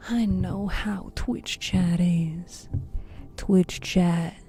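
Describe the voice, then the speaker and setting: A woman with a Southern US accent, a streamer doing ASMR whispering while reading chat, soft and playful with teasing banter. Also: lowish voice, drawn-out words, faint music behind.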